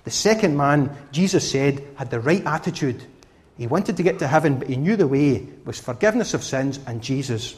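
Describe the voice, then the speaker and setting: A man's voice: on the high side, moderate pace. A man preaching a children's sermon who asks the children questions and coaxes answers from them. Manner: animated, questioning the children directly. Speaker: preacher giving a children's talk.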